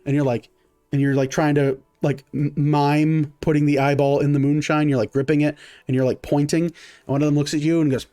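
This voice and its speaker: A man's voice: on the high side, flat delivery, a little fast, dark tone, dry recording. A man, narrating a tabletop game as game master in a casual, rambling way with many fillers.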